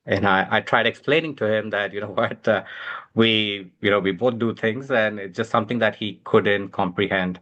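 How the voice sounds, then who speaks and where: A man's voice: fairly low pitch, steady tone, normal speed, a bit bright, highs cut off. A man speaking as a guest on a parenting panel, talking with many fillers and restarts. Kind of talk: casual panel discussion.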